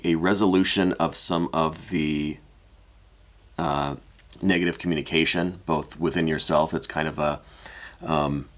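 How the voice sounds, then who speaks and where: Soft-spoken deep-voiced man reading tarot. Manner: gentle, hesitant, with many restarts and fillers; emotional, apologetic. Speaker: tarot reader.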